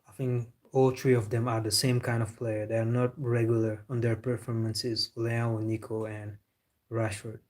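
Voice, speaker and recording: A man's voice: mid-range voice, flat delivery, normal speed, darkish tone. A man hosting a live football reaction stream, chatting casually and answering viewers with strong opinions. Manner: opinionated, replying to chat.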